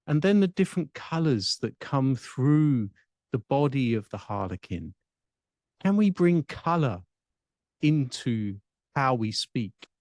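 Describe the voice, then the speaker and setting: A man with an English accent, a speech and public speaking coach, giving a reflective teaching monologue in a measured, deliberate way with long pauses. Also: mid-range voice, no echo, clean studio sound.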